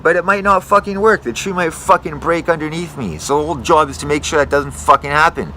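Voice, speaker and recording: A young man rants about his work, cursing nearly every sentence and correcting himself as he goes. His voice is bright and forceful. Faint outdoor traffic noise sits behind him. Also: fairly high pitch, brisk, hardly any pauses. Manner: profane, swears constantly; rambling, self-correcting. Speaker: tree climber. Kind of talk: casual rant to camera.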